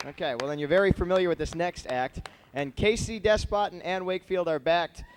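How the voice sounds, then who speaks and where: A man emceeing a high school talent show on a handheld microphone, joking and rambling with lots of fillers. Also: a little fast, slight background noise. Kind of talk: joking stage emcee patter. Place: high school auditorium stage.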